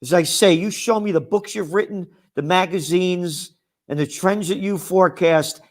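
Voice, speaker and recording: A man's voice: sits high, normal speed. Sarcastic ranting man. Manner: combative, sarcastic, mocking asides. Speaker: trends forecaster and publisher. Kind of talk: ranting promo monologue.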